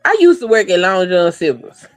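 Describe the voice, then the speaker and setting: A woman talking in a casual podcast chat, blunt and profane, telling animated stories. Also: on the low side, normal speed, dry recording, soft background music, rough recording.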